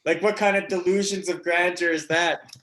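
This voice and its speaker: A man's voice: high-pitched, steady tone, normal speed, a bit bright. A man doing a stand-up comedy set, rambling with lots of fillers and laughing at his own jokes. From Canada.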